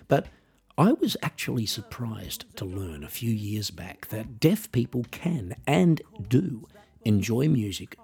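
A man's voice: on the low side, creaky, a little mellow, breathy edge. An Australian man hosting his own podcast, delivering a wry, self-deprecating scripted monologue. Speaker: podcast host and musician.

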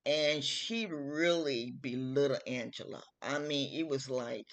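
A middle-aged woman hosting her own show, giving her opinion in a slow, emphatic, chatty way and repeating her phrases. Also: very deep voice. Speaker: host. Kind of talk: casual opinion talk.

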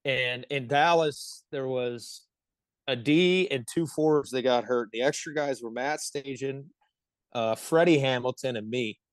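A man in his thirties from the Pittsburgh area, a hockey player telling animated stories as a podcast guest, laughing often and swearing freely. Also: mid-range voice, a little slow, no echo. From Pittsburgh area, United States. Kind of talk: casual podcast storytelling.

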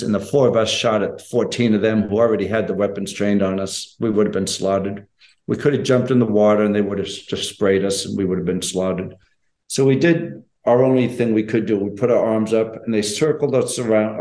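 A man's voice: fairly low pitch, warm tone. Older guy telling a war story, plain and earnest, some room echo. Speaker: guest, former special forces operator. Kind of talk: storytelling in an interview. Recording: roomy echo.

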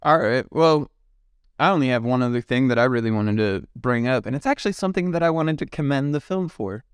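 A man co-hosts a relaxed film podcast with an easygoing, buddy-style manner. His voice is smooth and clear at an average pitch. The sound is dry and up close. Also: a little fast, no echo. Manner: laid-back, chummy, says "dude". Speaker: podcast co-host. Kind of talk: casual film discussion.

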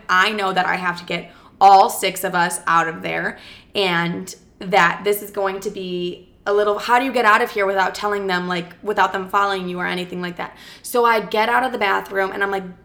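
A young woman recounting a night out in a loose, lively storytime voice, quick to swear. She jumps into quoted back-and-forth as she goes. Her pitch sits mid-range for a woman. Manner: animated, swears freely, acts out quoted dialogue. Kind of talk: casual personal storytime.

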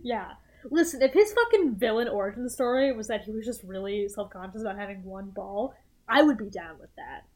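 A woman's voice: mid-range voice, lively intonation, brisk, darkish tone. A young woman co-hosting a podcast, chatting casually and animatedly, laughing often, swearing and acting out characters. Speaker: podcast co-host. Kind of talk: casual chat recapping a TV show.

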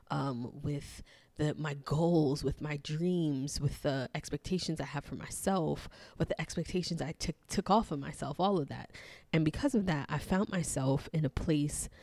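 A young adult woman speaks in a low, warm, relaxed register, hosting a casual self-help talk. She circles back over her points and repeats herself, with frequent fillers and little laughs. The sound is dry and close, with no room echo. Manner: reflective, repetitive, filler-heavy, laughs lightly. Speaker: podcast host.

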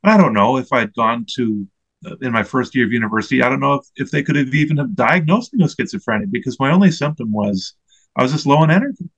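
A man in his forties speaks as an interview guest, at an ordinary middle pitch. He recounts his own experience earnestly and reflectively, pausing to search for the right words. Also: animated, fairly bright tone, muffled recording. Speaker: interview guest, mental health advocate. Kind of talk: personal storytelling in an interview.

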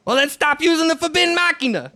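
A man voicing a zealous, well-meaning but dim young islander in a deliberately bad mock Jamaican accent, preaching and tacking on "brother". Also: very high-pitched, expressive, bright, forceful tone, pitched above the performer's own voice, exaggerated voice. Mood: preachy. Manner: preachy, drawling, tacks on "brother". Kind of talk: comedic podcast impression.

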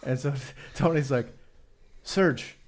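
A man telling a long story in casual chat on a podcast, animated, swearing freely and laughing often. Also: mid-range voice, normal speed, slight background noise.

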